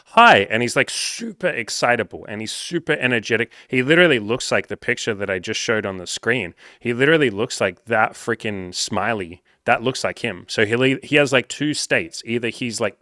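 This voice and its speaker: Animated young man, bright dry voice. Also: mid-range voice, no echo. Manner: animated, swears freely, many "like" fillers. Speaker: podcast host reading comments. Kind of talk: casual storytelling.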